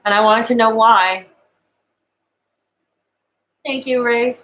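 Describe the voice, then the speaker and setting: On a live stream, a woman cries as she talks to her viewers, raw, emotional and defensive in a tearful monologue. Her voice is on the high side and a bit bright, she takes it slowly, and the audio quality is poor.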